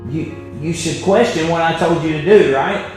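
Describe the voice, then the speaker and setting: A man's voice: a little high, moderate pace, darkish tone. A man presenting a health webinar, telling stories emphatically and tagging his points with "right?". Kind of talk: motivational health talk. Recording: very echoey room, faint music.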